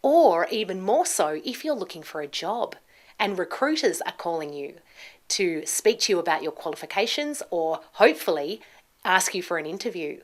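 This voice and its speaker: Clear, measured woman teaching pronunciation. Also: fairly low pitch, lively intonation. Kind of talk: scripted lesson to camera.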